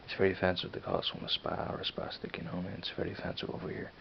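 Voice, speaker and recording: A young man from Dublin, Ireland, films a casual accent-tag vlog, talking loosely to the camera very fast in a deep, flat, gravelly voice. He rambles, repeats words, and often says "you know what I mean." The recording is dull and lo-fi, with a faint hiss behind him.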